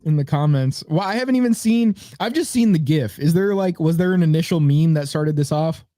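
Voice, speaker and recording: A man's voice: fairly high pitch, fairly quick, dark tone, dry recording, studio quality. A young man co-hosting a podcast in casual chat, rambling with fillers and laughing often. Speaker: podcast co-host.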